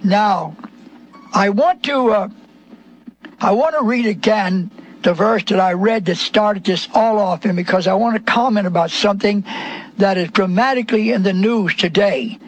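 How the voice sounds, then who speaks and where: A man preaching a sermon, quoting scripture slowly and emphatically. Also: sits high, low-quality recording. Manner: slow, emphatic preaching with drawn-out scripture quotes.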